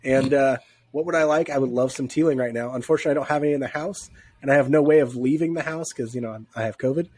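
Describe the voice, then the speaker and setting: A man's voice: mid-range voice, rapid-fire, darkish tone, breathy edge, no echo. A man co-hosting a sports podcast from home, sick and congested, chatting in a laid-back, rambling way. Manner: laid-back, laughs often, rambling asides. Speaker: podcast co-host. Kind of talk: casual sports chat.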